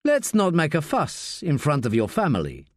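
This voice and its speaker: A man voicing a calm, sardonic veteran police sergeant in an audiobook. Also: on the high side, normal speed, dry recording. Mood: wry. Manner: dry, sardonic.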